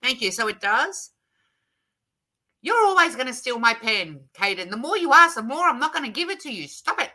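A middle-aged Australian woman hosts a casual live stream, chatting, reading viewer comments aloud and laughing often. Her fairly high voice is sing-song and sharp in tone, at a moderate pace.

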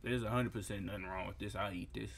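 A young man reviewing food photos in a comedic reaction rant, incredulous and profane, breaking into loud outbursts. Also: lowish voice, steady tone, fast, vocal fry.

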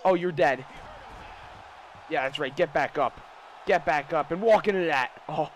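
A man's voice: on the high side, moderate pace, a little hiss or hum. Trash-talking young man gaming. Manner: trash-talking, swearing, erupts into shouts. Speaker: gaming YouTuber. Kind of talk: live gameplay commentary.

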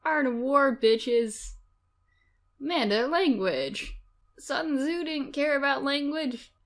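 A playful young woman, the teasing daughter of a game's hero, tossing out deadpan comebacks, voiced by a woman reading the game. Her voice sits on the high side. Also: slow, full character voice. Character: sarcastic young adult daughter, playful teen girl.

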